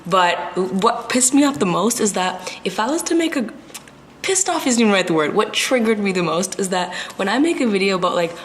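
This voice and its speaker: Twenties woman vlogger, casual to-camera rant, outspoken and slangy, middle-pitched, faint hiss behind. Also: expressive, a little fast. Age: 20s.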